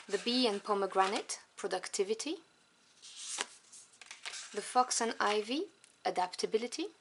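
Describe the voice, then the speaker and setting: A woman whose first language is French, reviewing tarot cards one by one. She lists each card softly and without hurry, adding fond little asides. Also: medium pitch, slight background noise. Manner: soft, unhurried listing with fond asides.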